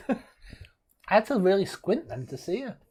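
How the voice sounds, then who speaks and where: A man's voice: high voice, very animated, a little slow, darkish tone, breathy edge. A man co-hosting a casual movie commentary, blunt, dry and grumbling. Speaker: co-host of a film commentary.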